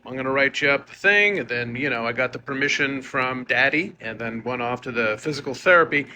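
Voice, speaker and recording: A man's voice: mid-range voice, normal speed, hardly any pauses, sharp tone, slight background noise. A man telling a story in a casual vlog, upbeat and playful.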